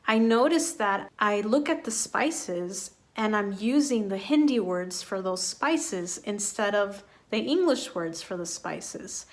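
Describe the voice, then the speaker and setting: Slow, clear-spoken woman teaching English. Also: a little high. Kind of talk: online English lesson.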